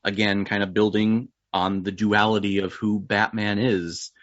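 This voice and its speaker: A man guesting on a casual podcast, recapping a movie in a relaxed way and chuckling often. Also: lowish voice, measured pace, no room sound. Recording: dry, dull lo-fi remote audio.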